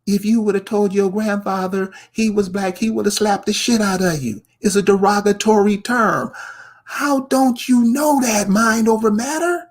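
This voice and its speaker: A man with a gravelly, husky voice, pitched a little above the usual, lectures the viewer in a slow, deliberate rant. He talks confrontationally and keeps hammering rhetorical questions. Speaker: online commentator. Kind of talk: ranting commentary to camera.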